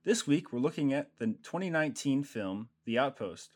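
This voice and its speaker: A man's voice: mid-range voice, expressive, moderate pace. A man hosting a war movie review podcast, with a Boston accent, bantering and swearing casually. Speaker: podcast host. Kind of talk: casual chat.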